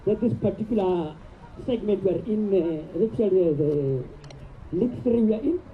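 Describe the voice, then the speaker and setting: A woman's voice: mid-range voice, expressive, moderate pace. A woman commentating on a race, asking her co-commentator questions and making formal announcements to the audience. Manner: puts questions to co-commentator, formal sponsor reads. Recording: muffled, loud background noise outdoors.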